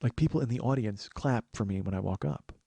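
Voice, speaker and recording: This man's voice is on the low side, creaky, mellow and husky, and he talks briskly in a dry space with no room sound. Hosting a podcast, he wanders through a lengthy personal tale, starting over mid-thought and performing other people's lines.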